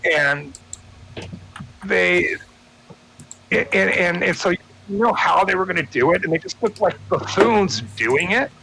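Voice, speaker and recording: Chatting as a stream guest, this American man delivers a profane, meandering rant full of restarts. His voice sits high and sounds gravelly, pushed and bright, moving slowly with long pauses over a rough recording with slight background noise.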